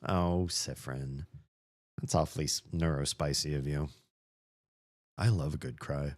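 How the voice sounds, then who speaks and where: A man with a low voice plays through a game on a let's play, reading its lines aloud and chatting between them. His pitch swings widely and his pace stays slow and unhurried. He jokes and laughs often and trails into soft mumbled asides.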